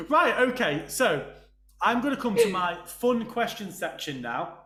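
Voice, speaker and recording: A man's voice: sits high, big pitch swings, takes it slowly, fairly bright tone. A man hosting a casual interview, chatty and jokey, going off on rambling asides. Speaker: podcast host. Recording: echoey room.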